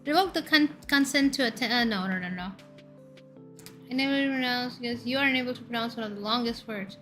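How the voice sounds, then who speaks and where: A woman's voice: fairly high pitch, brisk, pushed and bright, faint music behind. A young woman streaming, chatting casually and playfully with her chat and stumbling over tongue-twisters.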